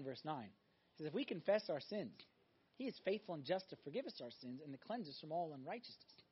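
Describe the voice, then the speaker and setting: A male preacher with a very high voice delivers an emphatic, animated sermon. He swings from loud exhortation down to hushed, intense passages. The recording is dull and lo-fi.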